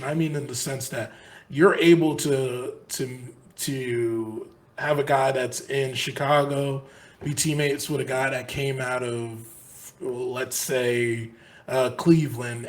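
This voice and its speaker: Rambling earnest podcast co-host man. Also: medium pitch. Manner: rambling, earnest, many restarts. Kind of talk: casual sports podcast chat.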